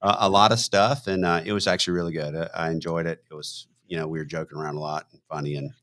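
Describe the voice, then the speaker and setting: A man's voice: low voice, quick pace. A man co-hosting an online talk show over a video call, chatting casually and rambling a little, with an easy laugh. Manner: relaxed, laughs easily, rambling. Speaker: co-host. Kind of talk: casual chat.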